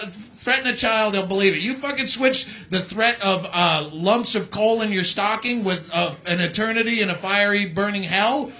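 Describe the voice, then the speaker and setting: A male stand-up comedian delivering a profane, sarcastic rant with shouted bursts, on a club stage with a handheld mic. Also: sits high.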